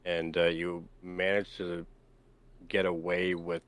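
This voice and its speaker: A young man from Canada with a very deep voice talks as a guest on a casual chat. He speaks in a halting, measured way, often pausing on "uh" and "um". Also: completely flat delivery, a bit bright. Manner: halting, measured, frequent fillers. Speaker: guest, stream moderator.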